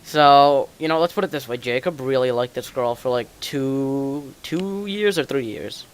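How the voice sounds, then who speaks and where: A man's voice: medium pitch, unhurried. A teenage boy hosting a casual online podcast, rambling and joking with friends, often laughing. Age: teens. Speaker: podcast host. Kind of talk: casual chat. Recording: faint hiss, keyboard clicks.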